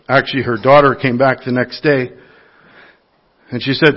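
A man's voice: mid-range voice, steady tone, slow, pauses often, lo-fi sound. A man preaching a sermon to his congregation, telling everyday stories in an earnest, conversational way. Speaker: lay preacher.

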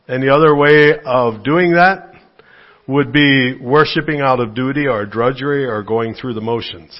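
A man giving a conversational sermon in church, rambling with fillers and restarts, lifting his voice when he quotes scripture. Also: lo-fi sound. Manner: lively pitch swings when quoting scripture. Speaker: lay preacher.

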